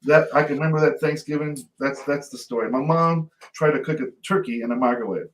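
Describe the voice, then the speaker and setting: A man co-hosting a talk show, telling a family story in a lively, laughing way and mimicking his relatives. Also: on the high side, fairly quick. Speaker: podcast co-host. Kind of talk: casual storytelling. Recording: echoey room, off-mic.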